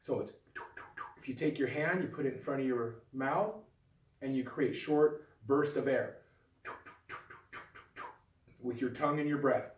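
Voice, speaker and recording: Male flute teacher, patient and calm, mid pitch, echoey room, a bit off-mic. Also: unhurried, long pauses, far from the mic, a little hiss or hum. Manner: calm, patient, demonstrative explaining. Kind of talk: instructional video lesson.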